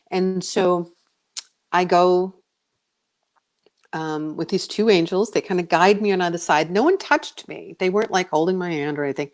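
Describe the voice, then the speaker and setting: A middle-aged woman, a psychic medium, telling a long story on a radio interview in a chatty, animated way, with many fillers, acting out her own voice from back then. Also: fairly low pitch, moderate pace. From United States.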